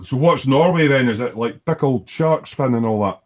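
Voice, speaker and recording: A man's voice: medium pitch, expressive, normal speed, darkish tone. Edinburgh Scottish man as live-stream host, mid-range voice, loose and jokey, drifts between comments and banter. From Scotland. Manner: jokey and rambling, with teasing asides. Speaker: host of a live online hangout. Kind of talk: casual chat, reading viewer comments aloud.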